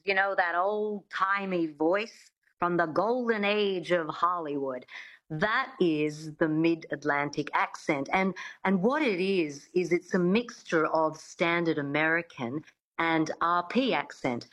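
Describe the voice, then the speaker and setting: A dialect coach answers questions as a guest on a radio interview. She is a woman with a fairly low voice. She explains things eagerly but hesitantly, with frequent fillers and restarts. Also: measured pace, fairly bright tone, rough recording.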